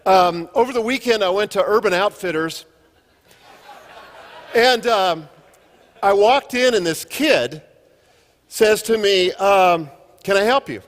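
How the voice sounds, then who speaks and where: A man's voice: sits high, slow pace, long pauses, in a large hall. Man in his fifties, storytelling keynote. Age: 50s. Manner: jokey storytelling with self-deprecating humor. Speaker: keynote speaker. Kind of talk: conference keynote. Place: conference hall.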